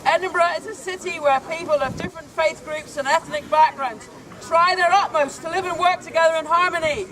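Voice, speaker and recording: A man's voice: very high-pitched, fairly even intonation, brisk, sharp tone, a faint crowd, a little hiss or hum. A man reading a formal statement aloud in an earnest tone at an outdoor street rally. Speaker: rally speaker.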